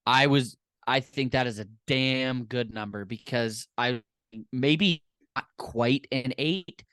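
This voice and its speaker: A man's voice: medium pitch, takes it slowly, fairly bright tone, smooth, no room sound. A man co-hosting a podcast in casual chat, enthusiastic and rambling. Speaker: podcast co-host.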